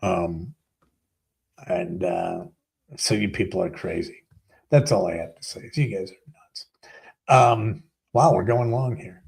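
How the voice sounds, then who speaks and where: A man's voice: low voice, slow, gravelly, pauses often, a little mellow, husky. A man hosting a sports talk show, ranting in a sarcastic, rambling, exasperated way. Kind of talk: ranting commentary.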